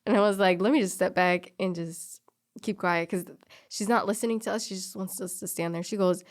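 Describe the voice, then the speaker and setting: Animated woman telling a story. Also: medium pitch, a little fast. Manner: animated, quotes people in dialogue, laughs often. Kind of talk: casual storytelling chat.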